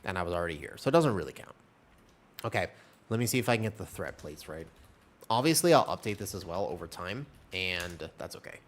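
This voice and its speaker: Rambling chatty male streamer, lowish voice. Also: expressive, brisk. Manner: rambling, chatty, answers chat questions. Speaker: game streamer. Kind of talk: casual livestream chat.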